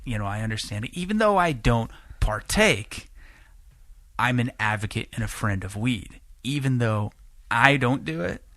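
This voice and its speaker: A man in his late twenties spins a meandering story in a casual podcast conversation. He curses freely and keeps circling back with restarts. His voice is bright and forceful, and the room is close and dry. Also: medium pitch, dry recording. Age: late 20s. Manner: rambling, profane, animated when acting out quotes. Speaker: podcast guest.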